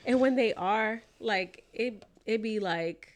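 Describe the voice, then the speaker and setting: A woman's voice: fairly high pitch, slow. A young adult woman hosting a casual podcast chat, talkative and emotional, laughing often. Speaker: podcast host.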